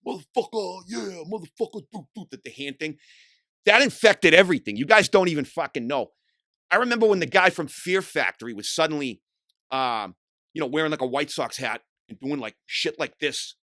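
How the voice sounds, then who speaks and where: A middle-aged man, hosting a podcast and telling hardcore scene stories in a profane, animated way. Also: fairly high pitch, no echo, studio quality. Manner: profane, animated storytelling, acts out quotes loudly. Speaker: podcast host. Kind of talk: casual storytelling monologue.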